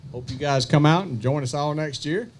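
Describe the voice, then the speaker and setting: A man emceeing an outdoor fishing tournament weigh-in, joking with anglers and calling out weights slowly. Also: fairly high pitch. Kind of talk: live weigh-in announcing with banter.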